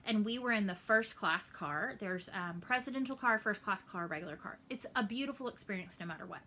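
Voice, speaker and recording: A woman, chatting casually in a cross-stitch vlog update and telling stories with lively asides. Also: medium pitch, a little fast, slight background noise. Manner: animated storytelling, acts out family voices.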